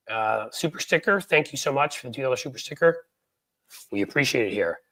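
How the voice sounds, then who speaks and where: A man's voice: medium pitch, animated, fast, a bit bright, no echo. A middle-aged man from New York City hosting a casual live stream, joking, rambling and poking fun at himself. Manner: joking, rambling, self-deprecating. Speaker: host.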